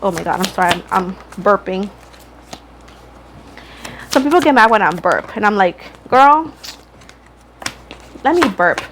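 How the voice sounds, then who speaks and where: A woman's voice: mid-range voice, expressive, normal speed, long pauses, noisy background. A woman giving a casual tarot reading to camera, chatty and frank, talking straight to her viewers. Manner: chatty, frank, addresses viewers as boo and Libra. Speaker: tarot reader.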